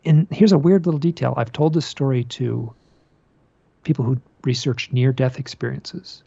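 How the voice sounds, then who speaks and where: A man being interviewed about a personal experience, telling it as an animated story, often repeating phrases and restarting his sentences. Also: medium pitch, moderate pace, vocal fry, breathy edge, no room sound, dull audio. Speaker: podcast guest.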